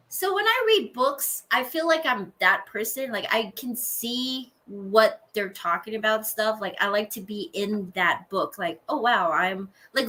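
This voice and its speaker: A woman's voice: mid-range voice, sharp tone. A woman guest chatting casually in an interview, laughing often and restarting her sentences. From United States. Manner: bubbly, laughs often, many fillers and restarts. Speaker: guest, actress and writer.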